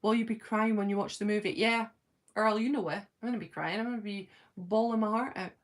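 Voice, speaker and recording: Reading chat on her live stream, a Scottish woman in her forties, with a Scottish accent, chats casually and replies to viewer comments, her medium-pitched voice speeding up when she gets excited. She fills gaps with ums.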